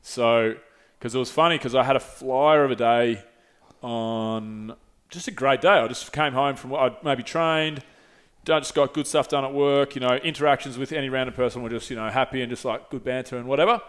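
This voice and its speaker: A man, hosting a podcast and telling a story casually, swearing often and dropping his voice low for emphasis. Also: normal speed, fairly bright tone, clear, resonant tone. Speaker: podcast host.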